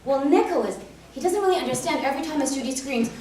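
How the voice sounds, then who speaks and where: Animated woman teacher in an echoey room. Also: high voice, quick pace, recorded from a distance, a little hiss or hum. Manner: animated storytelling, acts out students. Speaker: piano teacher. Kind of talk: recital speech to children and parents.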